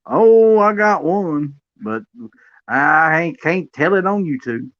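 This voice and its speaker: A man's voice: a little high, expressive, takes it slowly, a bit bright, no echo, highs cut off. A man hosting a casual interview, easygoing as he reacts to stories and asks questions. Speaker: interview host.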